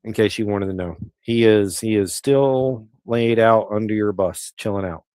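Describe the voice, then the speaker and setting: A man's voice: fairly low pitch, normal speed, a little mellow, dry recording. A middle-aged man, hosting a casual livestream and rambling easily through viewers' comments. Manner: rambling, easygoing, with frequent restarts. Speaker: livestream host.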